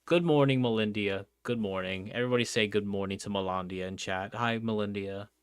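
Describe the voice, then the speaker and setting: A man's voice: lowish voice, a little fast, clear, resonant tone, no room sound, studio quality. A young man from New Jersey chatting casually on a livestream, rambling with lots of fillers and calling everyone bro and dude. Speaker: streamer. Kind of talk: casual livestream chat reading out chat.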